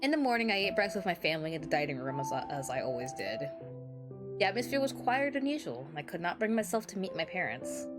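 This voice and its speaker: A woman voicing a small, frightened young boy who narrates his own story in an earnest, soft way. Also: on the low side, big pitch swings, quick pace, music in the background.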